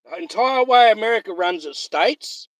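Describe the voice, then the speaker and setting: A man's voice: high voice, lively intonation, moderate pace, a bit bright, no echo. A man ranting heatedly on a livestream, swearing constantly and repeating himself. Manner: profane, heated, repetitive.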